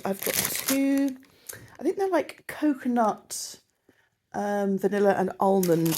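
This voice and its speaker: A woman's voice: medium pitch, a little mellow, a little hiss or hum. A woman in her forties with a southern English accent, chatting casually and rambling a little as she films a vlog while walking outdoors. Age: 40s. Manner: chatty, rambling, self-deprecating. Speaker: vlogger.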